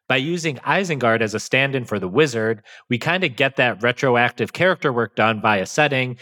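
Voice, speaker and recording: A podcast host talks through film analysis in an even, measured way, dropping in the odd filler. His voice has a bright, forceful edge at a middle pitch. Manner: self-described monotone, analytical with fillers.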